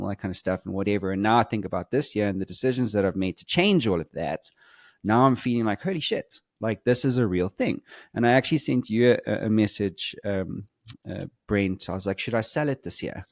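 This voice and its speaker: Blunt, low-voiced man in his forties. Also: fairly quick, dry recording, studio quality. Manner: blunt and emphatic, swears freely. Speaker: podcast co-host. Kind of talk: casual conversation.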